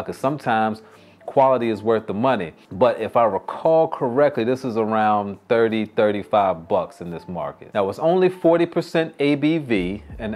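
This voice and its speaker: A man hosting a casual whiskey review vlog, chatty and joking with quick asides. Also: mid-range voice, darkish tone. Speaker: host.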